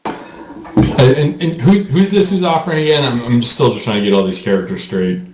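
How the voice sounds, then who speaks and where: A man's voice: mid-range voice, sing-song, a little fast, darkish tone, roomy sound, slight background noise, poor audio. A man playing in a tabletop game, speaking hesitantly with stammers. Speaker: player. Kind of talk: casual tabletop play.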